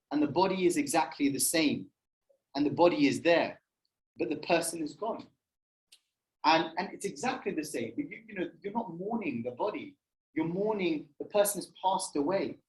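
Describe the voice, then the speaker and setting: Chatty higher-voiced man leading a group session. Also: poor audio. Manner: conversational, many fillers, asks the room questions. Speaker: spiritual society session leader. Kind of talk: casual talk with audience questions. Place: room with in-person and online audience.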